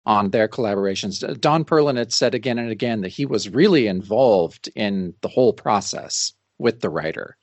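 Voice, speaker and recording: A man's voice: lowish voice, lively intonation, moderate pace, few pauses, no echo. A man co-hosting a casual comic-book podcast, reading out panels and acting out the lines. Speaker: podcast co-host.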